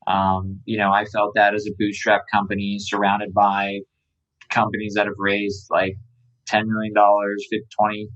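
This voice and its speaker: A startup founder talking casually in an interview, relaxed and rambling, with many fillers. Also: male voice, fairly low pitch, normal speed, highs cut off. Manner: relaxed, filler-heavy, lots of "um" and "like".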